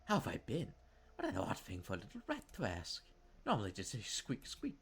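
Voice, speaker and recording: A man puts on a wicked game sister, taunting and sneering. The voice swings widely up and down and has a husky grain, and she savours every cruel word. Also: fairly low pitch, wildly swooping pitch, fairly quick, fairly bright tone, heavily acted. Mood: mocking. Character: cruel mocking young woman, the sister. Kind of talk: voicing characters in a game stream.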